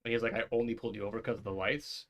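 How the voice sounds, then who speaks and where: Young guy talking fast on a podcast, rambly and swearing a lot, does the voices of people in his story. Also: on the low side, fairly even intonation, dull audio. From New York area. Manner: rambling and profane, acts out quoted voices. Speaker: podcast co-host. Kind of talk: casual storytelling chat.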